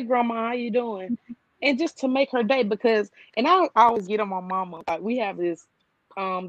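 A woman's voice: on the low side, no echo. Joking woman on a dull, dry line. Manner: joking, laughs through her stories. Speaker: caregiver for her mother. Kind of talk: casual group discussion.

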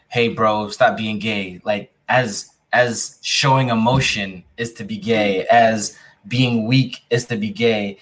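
Male interviewer, low pitch, measured questions with frequent check-ins. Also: low-quality recording. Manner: measured, often tags questions with "right?".

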